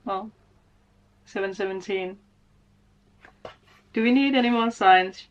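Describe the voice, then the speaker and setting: A woman reading tarot cards in a casual vlog. Her pitch sits in the middle for a woman. She speaks straight to her viewers, gets emotional and laughs often. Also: takes it slowly, long pauses, highs cut off, a little hiss or hum. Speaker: spiritual tarot reader.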